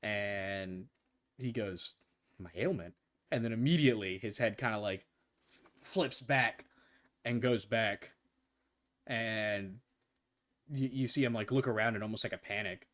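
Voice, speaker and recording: Man, game master, casual tabletop narration, fairly low voice. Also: unhurried, pauses often, fairly bright tone. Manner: casual, laughs often, loose swearing.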